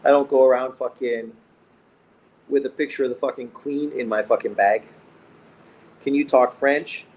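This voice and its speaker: A man's voice: medium pitch, fairly even intonation, normal speed, long pauses, a little mellow, low-quality recording. A middle-aged Canadian man hosting a boxing livestream, bantering bluntly with viewers and swearing constantly. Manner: profane, blunt, joking banter. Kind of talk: casual livestream chat reading comments. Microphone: streaming mic.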